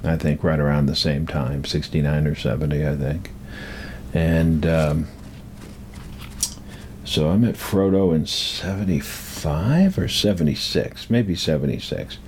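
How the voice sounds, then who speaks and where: An older man telling a rambling personal story from his youth, halting and full of pauses and restarts. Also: very deep voice, a little mellow, slight background noise.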